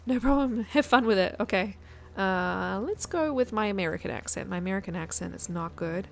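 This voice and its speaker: A woman guest streamer with a mid-range, gravelly voice talks fast while playing a game on a live stream, chatting casually with viewers and thinking aloud. A little hiss or hum sits in the audio.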